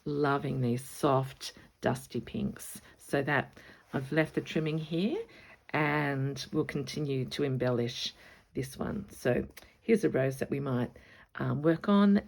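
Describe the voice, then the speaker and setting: A woman hosting a casual stitching vlog, excited, chatty and rambling as she shows her projects. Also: deep voice, slow pace, vocal fry. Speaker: stitching vlogger. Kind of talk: casual show-and-tell vlog.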